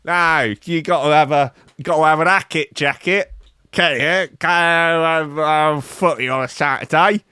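A man's voice: fairly high pitch, unhurried, smooth, no room sound, studio quality. A man doing a comedic impression of a boastful, swearing Cockney geezer with a Cockney accent. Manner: loud, crude, swaggering, lots of swearing.

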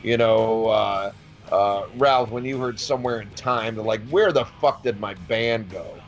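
A man's voice: lowish voice, a little slow. A man co-hosting a casual music chat, blunt and scornful with heavy swearing. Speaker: music podcast co-host.

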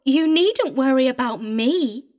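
A man's voice: extremely high pitch, expressive, takes it slowly, darkish tone, voice pushed up, full character voice. A man voicing a sly, sinister eight-year-old girl who lisps and giggles. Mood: sweetly sly. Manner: lisping, giggly, taunting. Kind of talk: audiobook reading.

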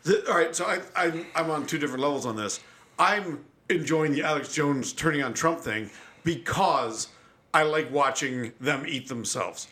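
A man's voice: on the high side, moderate pace, pushed and bright. A man co-hosting a casual political chat, swearing lightly and restarting his sentences. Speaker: podcast co-host.

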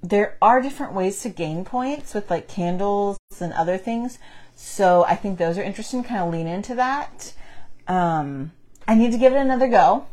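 A woman's voice: mid-range voice, animated, normal speed, darkish tone. Chatty self-deprecating woman, laughing often. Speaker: board game podcast co-host. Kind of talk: casual chat. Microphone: on camera, table mic.

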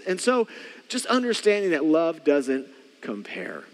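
High-voiced man preaching in a reverberant church. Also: expressive, fairly bright tone. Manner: conversational, repeats key phrases, slows for emphasis. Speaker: pastor. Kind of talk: sermon.

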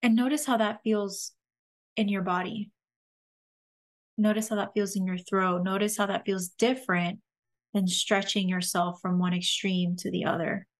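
A woman hosting a podcast, slowly and gently guiding listeners through a breathing and humming exercise. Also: mid-range voice, fairly even intonation. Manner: gentle, slow guiding instructions with soft laughs. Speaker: podcast host leading a somatic exercise.

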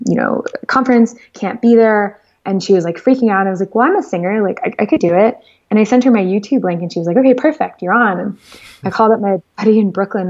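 A woman speaking as an interview guest, telling stories in a lively, rambling way with lots of fillers. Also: mid-range voice, muffled recording. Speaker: guest entrepreneur. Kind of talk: casual storytelling interview.

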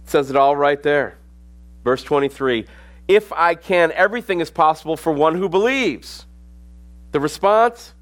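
A man's voice: on the high side, very animated, moderate pace. A middle-aged man preaching a sermon as pastor, reading scripture aloud and rising to sudden emphasis.

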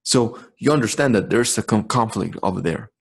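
Man, podcast host, husky voice, lowish pitch, blunt and profane, preachy motivational rant. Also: lively intonation, a little fast. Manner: blunt, swearing, preachy and intense.

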